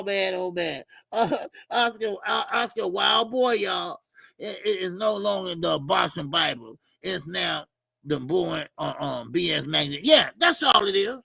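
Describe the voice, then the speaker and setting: A man hosting a boxing commentary stream, ranting in a loud, animated, profane way with frequent shouting and asides. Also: high-pitched, gravelly, no room sound, clean studio sound. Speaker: boxing commentary channel host.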